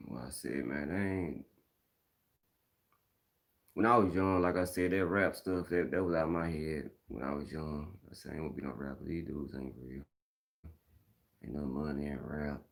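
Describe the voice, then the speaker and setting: A man's voice: a bass voice, normal speed, creaky, long pauses. A middle-aged man from Mississippi with a Southern accent, talking bluntly and casually on a live stream, repeating his points in slang.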